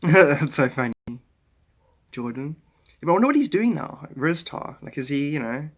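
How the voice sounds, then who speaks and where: A man's voice: on the high side, very animated, normal speed, breathy edge. A man chatting casually on a phone live stream, rambling, chuckling and answering viewers' comments, with playful attempts at German phrases.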